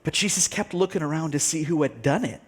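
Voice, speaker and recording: A male pastor preaching a sermon, telling a story with animated delivery, acting out the people he quotes and laughing now and then. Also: fairly high pitch, quick pace, slightly rough.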